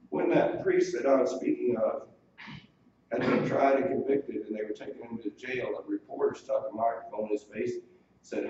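Male pastor, earnest sermon delivery, mellow tone, miked from afar in a big echoey room. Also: medium pitch, steady tone, moderate pace. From United States. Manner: earnest preaching, quotes scripture in old wording. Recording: distant mic in a very echoey room, dull lo-fi sound, faint hiss.

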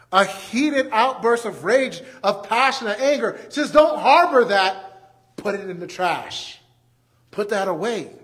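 A man preaching a sermon, acting out everyday scenes and repeating key phrases for emphasis. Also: high-pitched. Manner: animated, acts out everyday scenes.

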